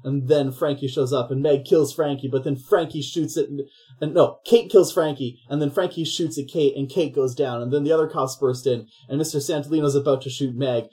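A podcast host retelling a film plot in a loose, rambling way, stopping often to act out the characters. The voice is mellow and dark, and the pitch sits in the middle range. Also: a little fast. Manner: rambling, animated storytelling with voices. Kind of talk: casual comedic film recap.

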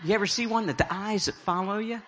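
A man's voice: sits high, quick pace, heavy background noise. A middle-aged man preaching a humorous sermon, telling stories with jokey, self-deprecating asides. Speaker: prophetic speaker.

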